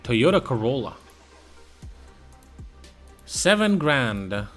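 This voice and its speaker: Very animated and stretching his words out, this mid-range-voiced man streams over soft background music as he scrolls car listings. He comments casually and live, swearing, using slang and bursting into sudden exclamations.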